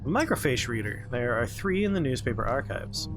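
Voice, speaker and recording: A man's voice: mid-range voice, sing-song, fairly quick. Joking man narrating a horror game. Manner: jokey, rambling asides and puns. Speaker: streamer playing a horror game. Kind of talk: casual gameplay commentary. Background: horror game music playing clearly.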